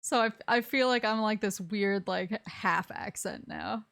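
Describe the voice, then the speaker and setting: A woman's voice: medium pitch, measured pace, vocal fry, a bit bright, dry recording, clean studio sound. A young woman from Alabama with a Southern accent, chatting casually on a game stream, rambling and laughing often. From Alabama, USA. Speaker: streamer host.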